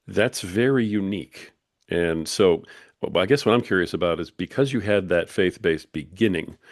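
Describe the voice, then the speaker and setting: A man's voice: sits low, no room sound, clean studio sound. A man hosting a podcast, asking long, rambling questions full of "you know" and "uh". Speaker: podcast host. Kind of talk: casual interview chat.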